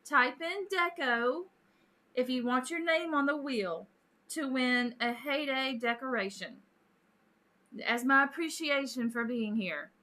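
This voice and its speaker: A woman's voice: high-pitched, lively intonation, slow pace, bright, forceful tone. A woman hosting a casual live stream, chatting with viewers, greeting them by name and laughing often.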